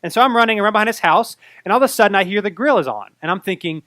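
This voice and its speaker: A bright, high-voiced man in his thirties, a pastor from North Carolina preaching a sermon. He tells stories in an animated way and acts out his own fright. The sound is close and dry, with no room echo. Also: rapid-fire. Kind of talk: sermon with personal story.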